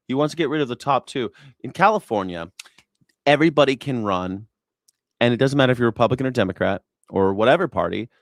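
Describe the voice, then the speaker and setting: A man's voice: medium pitch, no echo, clean studio sound. Sarcastic swearing man reacting to news. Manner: sarcastic, swears freely, mocks accents. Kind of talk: profane casual commentary over clips.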